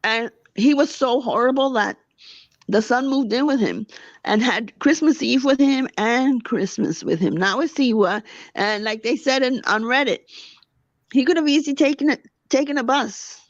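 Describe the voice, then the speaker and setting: A woman on a livestream, ranting with a heated, gossipy edge in a fairly high voice. Her sound is dull and lo-fi, dry with no room echo. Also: moderate pace. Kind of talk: casual livestream chat.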